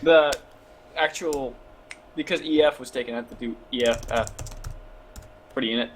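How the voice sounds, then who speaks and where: A man's voice: medium pitch, normal speed, slight background noise. A young man on a live stream, joking around, answering chat and teasing his co-host. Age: young adult. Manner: playful, joking, talks to chat.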